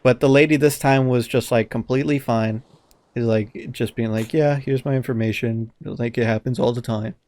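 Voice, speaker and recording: Male podcast co-host, casual animated storyteller, mid-pitched voice, dry recording. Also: moderate pace, no room sound. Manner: animated storyteller, acts out quotes, swears often. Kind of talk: casual chat.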